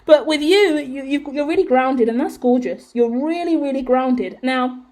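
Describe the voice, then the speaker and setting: A woman, hosting a casual general tarot reading and talking straight to viewers in a chatty, slangy, animated way, swearing freely and often checking in with "yeah?". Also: sits high, moderate pace. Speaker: tarot reader and channel host.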